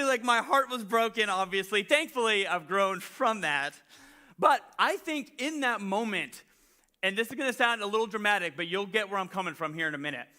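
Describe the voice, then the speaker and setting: Male pastor, casual sermon storytelling, self-deprecating, high bright tone. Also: moderate pace. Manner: animated, self-deprecating storyteller, many "like" fillers.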